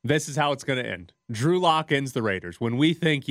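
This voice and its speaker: Man, radio co-host, medium pitch, dry close mic, teasing, firm opinions. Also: expressive, brisk, a bit bright, dry recording. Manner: teasing, argumentative, firm predictions. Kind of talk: casual sports talk. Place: radio studio. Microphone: studio microphone.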